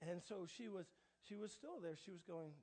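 Male pastor, very high voice, sermon delivery that surges loud then drops to a hush. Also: normal speed. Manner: swings between hushed asides and loud emphatic proclamations. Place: church.

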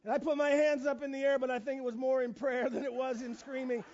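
A middle-aged man preaches in a high, lively voice, jumping in with fillers and restarts as he tells stories against himself. The sound is dull and lo-fi. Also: fast talker. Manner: animated, self-mocking, lots of restarts and fillers. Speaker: pastor. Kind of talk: storytelling sermon. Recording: dull lo-fi recording.

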